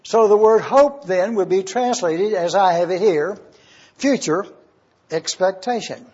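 A man giving an expository Bible teaching sermon as pastor, deliberate and repeating key phrases for emphasis. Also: high voice, a little mellow, slightly rough, lo-fi sound.

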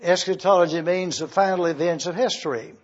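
A man preaching a teaching sermon, reading scripture aloud and slowly spelling out terms. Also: sits high. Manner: slow and deliberate, spelling out terms. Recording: dull lo-fi sermon recording.

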